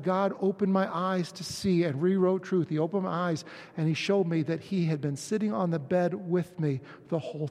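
High-voiced man preaching a testimony sermon. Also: big-room sound. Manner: builds from quiet storytelling to impassioned shouting. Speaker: pastor.

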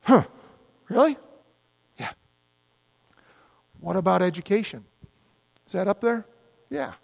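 A middle-aged male pastor giving an animated, conversational sermon full of mock dialogues. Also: sits high, takes it slowly, gravelly.

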